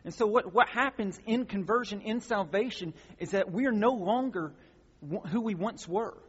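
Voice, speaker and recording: A pastor preaches a sermon at a moderate pace in a slightly high, husky voice, earnest and full of fillers and restarts, building into emphatic stretches. The sound is dull and lo-fi, and a long reverb hangs after his words in a large sanctuary.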